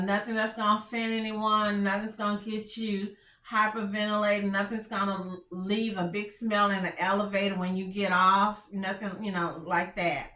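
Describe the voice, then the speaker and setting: A woman with a country Texas drawl reviews fragrances in a candid, casual chat, frequently restarting her sentences. Her mid-range voice has a sharp tone, and the recording sounds roomy.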